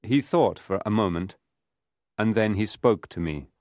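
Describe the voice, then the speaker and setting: A man's voice: fairly low pitch, lively intonation, measured pace, darkish tone, no echo. A man narrating a graded reader audiobook in a careful reading voice.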